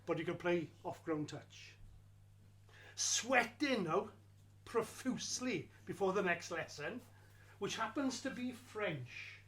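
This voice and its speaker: Slow, wry storyteller man. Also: high voice, expressive, a bit bright. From Wales. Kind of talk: first-person storytelling performance.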